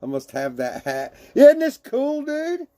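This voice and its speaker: Guy streaming, high voice, laughing a lot and cussing, reading chat to the camera. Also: huge pitch swings, a little slow, warm tone. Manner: laughs often, swears casually, talks to chat. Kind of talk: casual livestream chat.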